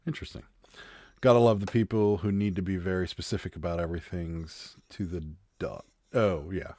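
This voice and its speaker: A man's voice: low voice, fairly even intonation, a little fast, darkish tone, no room sound, clean studio sound. A man hosting a live stream, chatting casually and joking as he reads viewer comments, with a Western Pennsylvania accent. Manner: rambling, joking, wry.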